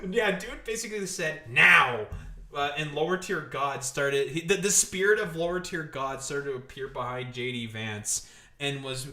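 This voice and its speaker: A man hosting a live stream, mocking and cursing his way through a rant. His voice rings bright and slightly high, and the room gives it a noticeable echo. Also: normal speed. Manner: mocking, profane, laughs a lot.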